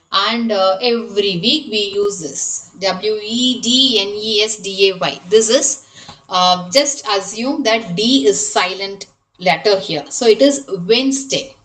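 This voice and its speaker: A woman's voice: mid-range voice, a bit bright, recorded from a distance. A woman with an Indian English accent teaches pronunciation in an online training session. She spells each word letter by letter and repeats how it should be said. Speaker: resource person teaching pronunciation.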